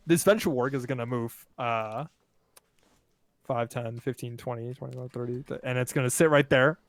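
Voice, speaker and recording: A man's voice: mid-range voice, normal speed, no echo. A man running a tabletop game as game master, casually counting out moves and rulings. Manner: casual, counts out movement step by step.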